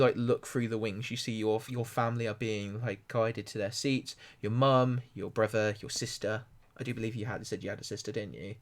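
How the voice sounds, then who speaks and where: A man narrating as game master, rambling with many fillers. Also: medium pitch. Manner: rambling, filler-heavy description.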